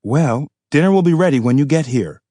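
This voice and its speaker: Man voicing a wife, affectionate and teasing, warm, no room echo. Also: on the high side, animated, fairly quick, studio quality. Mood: fond.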